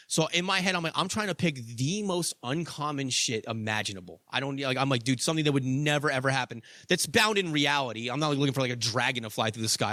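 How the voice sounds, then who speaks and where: A young man telling a personal story in casual, profane monologue, swinging from loud excitement to low, quiet asides. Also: no echo. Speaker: podcast host.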